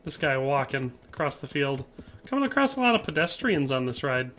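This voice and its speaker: A man's voice: medium pitch, big pitch swings, brisk, a bit bright. A man streaming a game, chatting casually, reading out viewer comments and answering them with playful jokes. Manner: playful, joking asides. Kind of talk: casual livestream commentary while playing.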